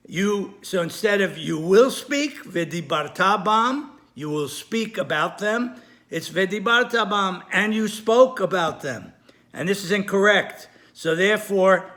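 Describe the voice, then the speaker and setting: Bright, high-voiced man teaching a lesson. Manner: careful, repetitive explanation with pauses and self-corrections. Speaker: Torah teacher. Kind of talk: recorded lesson on Hebrew grammar.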